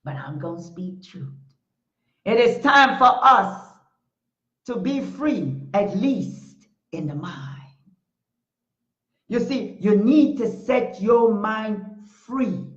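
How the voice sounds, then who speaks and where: A woman's voice: medium pitch, big pitch swings, takes it slowly, pauses often. A middle-aged woman hosting a talk show, preaching in a fiery, declarative way and repeating phrases for emphasis. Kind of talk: impassioned preaching monologue. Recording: echoey room, dull lo-fi sound.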